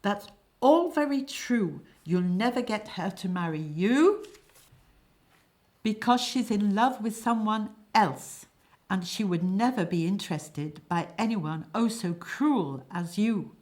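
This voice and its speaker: A woman's voice: medium pitch, sing-song, measured pace. A woman voicing a sarcastic, defensive hired killer who bickers in a comic stage play. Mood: bickering.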